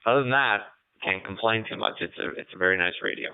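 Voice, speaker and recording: A man chatting casually over amateur radio, relaxed and thoughtful, pausing often with fillers. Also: lowish voice, noisy background. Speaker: ham radio operator calling in. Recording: tinny radio transmission.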